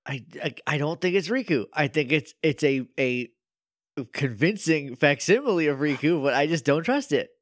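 A man's voice: on the high side, animated, normal speed, no echo, studio quality. A man co-hosting a podcast in casual chat, reacting with wry jokes. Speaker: podcast co-host.

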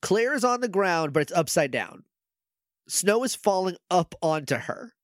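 A man with a fairly high voice co-hosts a casual recap podcast, his pitch leaping about as he acts out lines from the episode. He is recorded on a close mic in a dry room. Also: unhurried, no echo. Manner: animated retelling with quoted voices and laughs. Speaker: podcast co-host.

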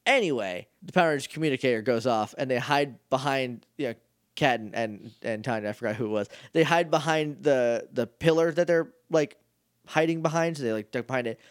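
A man's voice: mid-range voice, a little fast, dry recording, studio quality. A man co-hosting a casual podcast, recapping an episode in a chatty, jokey way and acting out lines. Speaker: podcast co-host.

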